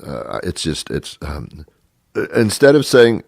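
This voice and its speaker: A male talk host rants in a rambling, exasperated comic monologue, stumbling over restarts as he goes. His voice is deep and his delivery unhurried, recorded close and dry. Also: big pitch swings, gravelly, a little mellow, no room sound. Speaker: radio show host. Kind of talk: comedic monologue rant.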